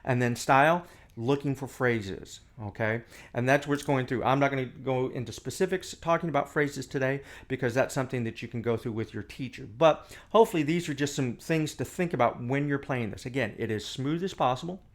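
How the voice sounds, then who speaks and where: A man explains phrasing in a relaxed, conversational teaching voice. He breaks into scatted nonsense syllables to show the melodies. The sound comes from a camera mic in an indoor room. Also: mid-range voice, brisk. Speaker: music teacher. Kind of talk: casual instructional talk.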